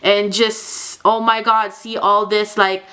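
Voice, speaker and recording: Bright gushing young woman reviewer. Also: medium pitch, level tone, slow pace, clean tone. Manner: gushing, chatty, many fillers like "oh my god". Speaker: book reviewer. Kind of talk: casual book review vlog.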